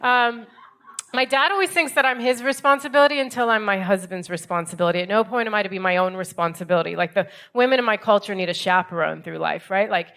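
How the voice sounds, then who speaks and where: Bright-voiced American woman doing stand-up. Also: mid-range voice, quick pace, a little hiss or hum. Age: 30s. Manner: deadpan, wry, acts out other people's voices. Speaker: stand-up comedian. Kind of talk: stand-up comedy set. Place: comedy club stage.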